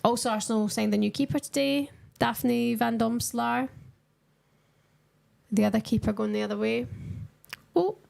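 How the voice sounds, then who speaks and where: A woman's voice: fairly high pitch, steady tone, moderate pace, creaky, pauses often, a little mellow. A young woman chatting casually with her viewers on a live stream while she watches a football match and answers their comments.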